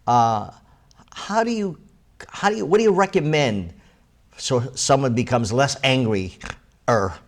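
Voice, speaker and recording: A man's voice: medium pitch, animated, takes it slowly, pauses often. A man hosting a talk show, speaking conversationally with frequent halts and repeated words. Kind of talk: interview conversation.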